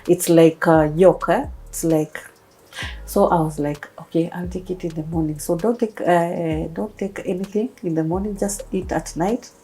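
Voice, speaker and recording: A Kenyan woman in her thirties tells her own story as an interview guest. Her voice sits a little low and mellow, and she brings the people in her story to life as she tells it. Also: moderate pace, slightly rough, low-quality recording. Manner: animated storytelling, acting out quoted voices. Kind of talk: personal testimony interview.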